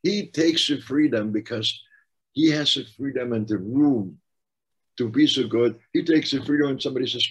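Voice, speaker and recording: A man's voice: medium pitch, moderate pace, fairly bright tone, slightly rough, rough recording. A middle-aged man with a German accent, a coach talking casually and stressing his points by repeating them. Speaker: life coach, co-host. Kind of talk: casual conversational coaching talk.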